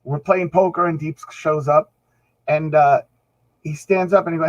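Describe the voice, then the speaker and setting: A man's voice: on the high side, steady tone, normal speed, lo-fi sound. A man, a guest on a podcast, telling rambling stories in casual chat and acting out the quotes. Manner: rambling anecdotes with acted-out quotes. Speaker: podcast guest, band musician.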